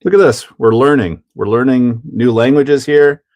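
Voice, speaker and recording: A man's voice: medium pitch, steady tone, normal speed, darkish tone. A man hosting a hobby livestream in casual chat, joking, laughing often and answering chat as he builds a kit.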